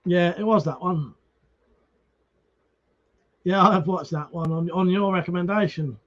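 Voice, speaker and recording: Measured in pace and high in pitch, this man hangs out with his stream's viewers, reading their comments and greeting them by name. He swears a lot and often restarts words. The audio is dull and lo-fi.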